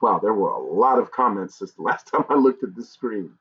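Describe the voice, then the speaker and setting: A man's voice: fairly low pitch, lively intonation, a little fast, slightly rough. Earnest man on a lo-fi livestream. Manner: earnest, candid, jokes between somber moments. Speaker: YouTube livestream host. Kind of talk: casual livestream talk to viewers. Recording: dull lo-fi stream audio.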